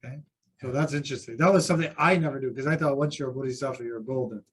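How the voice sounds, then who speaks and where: A man's voice: medium pitch, rapid-fire, a little hiss or hum. A man who teaches Buddhism, sharing anecdotes with self-deprecating humor in a group discussion at a seminar.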